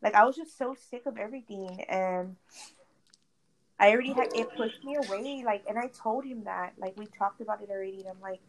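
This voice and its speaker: Over a casual gaming chat, a young woman speaks a little fast in a mid-range voice, animatedly gossiping to a friend about something dramatic. She fills her speech with "like" and swears frequently, and the low-quality audio has faint background noise.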